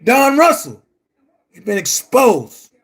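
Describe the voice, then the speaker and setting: Slow, heated high-voiced man. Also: huge pitch swings, fairly bright tone, husky. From Baltimore. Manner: confrontational, repetitive, calls listeners brother. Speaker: online commentator. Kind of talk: heated monologue to camera.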